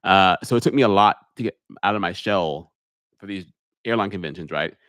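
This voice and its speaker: A man's voice: low voice, a little fast, a bit bright, no room sound. Man in his put-on public speaking voice. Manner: reads viewer questions aloud, then answers plainly. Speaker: airline pilot answering viewer questions. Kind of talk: live Q&A stream, casual chat. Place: home media room with green screen. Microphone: studio microphone on a holder.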